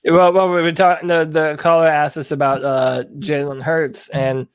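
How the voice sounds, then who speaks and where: A male co-host with a somewhat higher voice chats casually and trips over his words. The sound is dry and close to the mic. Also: little pitch movement, normal speed, smooth, no echo. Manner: chatty, hesitant with fillers and restarts. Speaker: podcast co-host. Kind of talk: casual sports talk.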